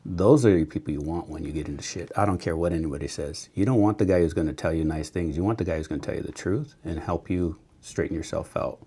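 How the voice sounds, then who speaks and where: A man's voice: deep voice, quick pace, few pauses, dark tone, breathy edge. A man hosting a podcast, telling blunt, profane war stories in casual talk and laughing often. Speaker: podcast host.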